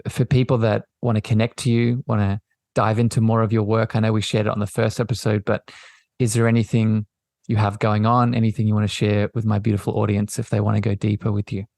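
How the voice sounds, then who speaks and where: A man hosting a podcast, talking in a gentle, affirming way and often circling back over his words. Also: lowish voice, level tone, fast talker, dry recording, studio quality. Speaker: podcast host. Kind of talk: reflective spiritual conversation.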